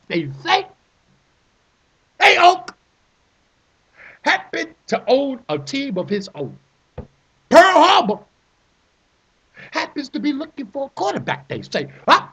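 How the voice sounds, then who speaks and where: A man delivering an animated comic rant, theatrical and repetitive, breaking into shouts. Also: very high voice, breathy edge. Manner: theatrical, repeats phrases, shouts in bursts. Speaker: vlogger ranting about a fantasy football trade.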